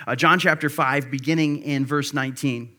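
A man in his thirties preaching a sermon as pastor, conversational and earnest, with bursts of excitement. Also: fairly high pitch, moderate pace.

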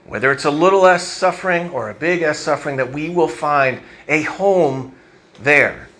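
Bright-voiced male pastor preaching conversationally. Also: fairly high pitch, normal speed. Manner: conversational, reflective, thinking aloud with fillers. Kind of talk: sermon. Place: church.

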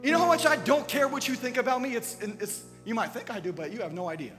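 High-voiced preacher in an echoing church. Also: male voice, fast. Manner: conversational, swinging from quiet asides to loud emphatic bursts. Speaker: pastor. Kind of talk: sermon. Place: church sanctuary. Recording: long church reverb with faint music.

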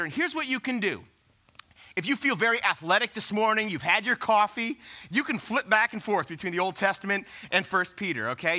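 A man preaching a sermon, conversational and animated, firing off rhetorical questions at the congregation. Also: sits high. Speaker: pastor.

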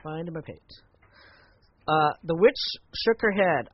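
Male teacher of a church class, fairly high voice, chatty and animated, lo-fi muffled audio. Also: slow, pauses often, no echo. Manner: conversational, animated when retelling a story. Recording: muffled lo-fi recording.

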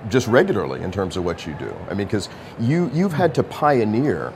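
Low voiced guy interviewing, lively tone, noisy background. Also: moderate pace. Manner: engaged, lots of backchannel agreement. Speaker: interviewer host.

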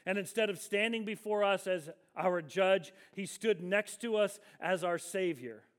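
A man preaching with a noticeably high voice, leaning into his points with emphasis. He slows right down to stress the key phrases of his sermon. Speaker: pastor.

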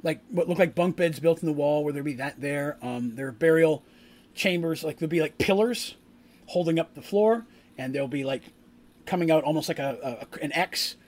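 Rambling game master man, higher voice. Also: normal speed, a little mellow. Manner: rambling, with many fillers and restarts; rises in pitch and volume for dramatic scene-setting. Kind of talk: narrating a tabletop game.

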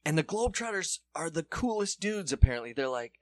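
A young adult man telling a story in casual podcast chat, acting out the people in it with sudden high voices. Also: brisk, no room sound. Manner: animated, acts out quoted people in a high voice. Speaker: podcast co-host.

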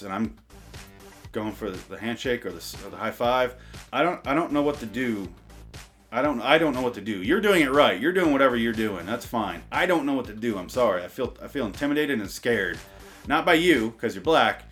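A man's voice: mid-range voice, a bit bright. A man reading a sarcastic comic rant, then rambling off-script, swearing and mocking himself with lots of restarts. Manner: self-deprecating, stumbles and restarts. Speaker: comedy podcaster reading a bit.

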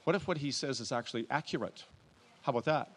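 A slightly rough, medium-pitched voice belongs to a pastor preaching in church. He halts and restarts conversationally and chuckles softly as he goes.

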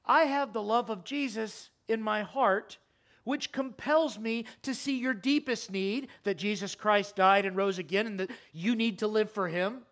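A man preaching a sermon in a church, impassioned, his voice climbing high and loud, then sinking to a quiet, earnest plea. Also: measured pace. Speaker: pastor. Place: church sanctuary.

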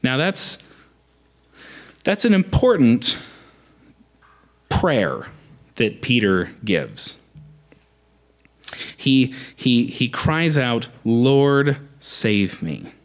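A man preaching a conversational sermon, lively with frequent restarts. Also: medium pitch, drawn-out words, long pauses.

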